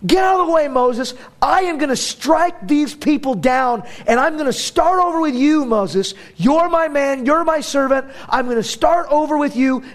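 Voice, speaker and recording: A man's voice: extremely high pitch, lively intonation, moderate pace, few pauses, voice pushed up. A man playing God as a stern, commanding deity, speaking with emphatic force in a sermon retelling.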